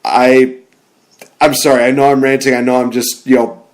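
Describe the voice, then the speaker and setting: A young man talks in a casual wrestling chat, rambling and getting carried away with excitement. He laughs often and stumbles over his words as he rants. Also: mid-range voice, moderate pace. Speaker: podcast co-host.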